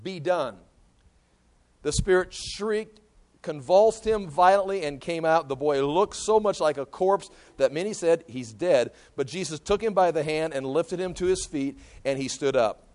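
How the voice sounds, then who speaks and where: Man preaching through scripture, a bit high. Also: moderate pace, darkish tone. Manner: conversational, repeats words while thinking aloud, reads scripture aloud. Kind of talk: Bible teaching sermon.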